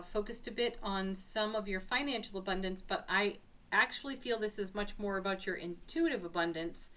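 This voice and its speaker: A woman doing a spiritual tarot reading to camera, gentle and enthusiastic, with soft laughs between cards. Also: medium pitch. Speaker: tarot card reader.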